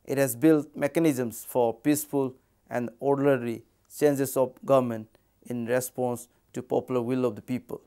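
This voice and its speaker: A man with an Indian English accent giving a measured academic lecture, reading from prepared text. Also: mid-range voice, fairly even intonation, dark tone, clean tone.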